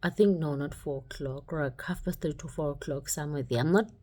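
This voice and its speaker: A young woman telling a personal story in a casual, animated way, acting out the dialogue. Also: low voice, a little fast. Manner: animated, acts out the dialogue, many "like"s.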